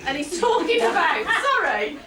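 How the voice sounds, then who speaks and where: This psychic medium gives a chatty reading to a live audience, laughing often and breaking off with apologetic asides. Her voice is very high and sing-song, delivered at normal speed. Crowd noise comes through a distant mic in a roomy hall, with faint background noise.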